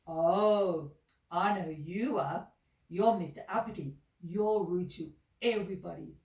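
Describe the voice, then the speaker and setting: A woman voicing a mischievous little male goblin in a storybook reading, with loud, chirpy, teasing lines. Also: fairly low pitch, measured pace. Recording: echoey room, mic at a distance.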